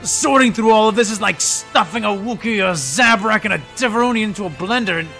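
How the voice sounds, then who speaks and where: A man's voice: high voice, a little fast, creaky, pushed and bright, voice pushed up, exaggerated voice. A tense cyborg clone soldier, voiced by a man, talking through clenched teeth in a raised, strained voice, the tone pushed well above his natural register. Faint music plays under this fan audio drama. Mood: strained, irritated.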